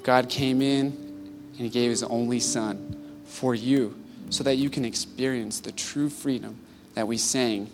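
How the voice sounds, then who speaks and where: A male pastor preaching in a church sanctuary, earnest and conversational. His voice rises to loud, pleading peaks and then falls back to quiet reflection. Soft music plays faintly beneath him. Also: medium pitch, fairly even intonation, measured pace. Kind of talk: sermon.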